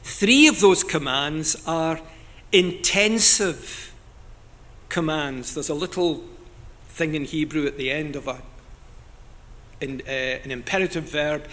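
A man preaching a sermon in an earnest, deliberate way, now and then rising to loud cries as he quotes scripture. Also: fairly high pitch.

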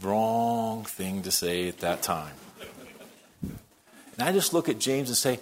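A man preaching a sermon, telling a story that moves between quiet, hushed lines and loud, worked-up ones. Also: lowish voice, animated, takes it slowly, pauses often. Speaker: pastor.

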